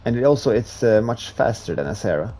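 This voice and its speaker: A man with a hard-to-place accent chatting casually with viewers while streaming a racing game, talking in a relaxed, halting way. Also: mid-range voice, faint music behind. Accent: hard-to-place non-native English accent. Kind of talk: casual live-stream commentary.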